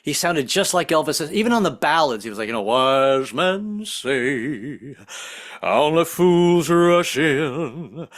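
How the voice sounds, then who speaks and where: A man's voice: a little high, a bit bright. A man in his sixties doing a jokey stand-up comedy set over a video call, slipping into silly voices. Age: 60s. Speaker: stand-up comic.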